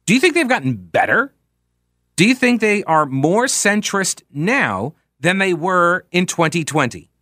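A man's voice: high voice, very animated, measured pace, sharp tone, no room sound, studio quality. A man hosting a talk radio show, giving opinionated political commentary in a sarcastic tone, full of rhetorical questions.

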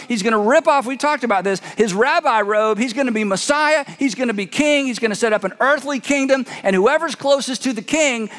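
A man's voice: very high-pitched, a bit bright. A man pastor preaching a sermon in a conversational, storytelling way, with emphatic asides. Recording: long hall reverb.

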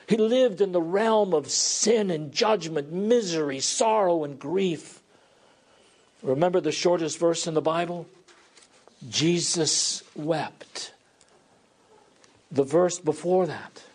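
A man preaching a sermon with dramatic swings between loud emphatic peaks and hushed low passages. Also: slightly rough.

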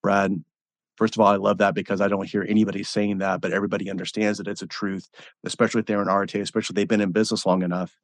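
A man hosting a podcast, talking enthusiastically and warmly affirming his guest. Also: lowish voice, flat delivery, rapid-fire, dry recording. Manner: enthusiastic, affirming, swears casually. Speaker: podcast host. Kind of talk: casual conversation.

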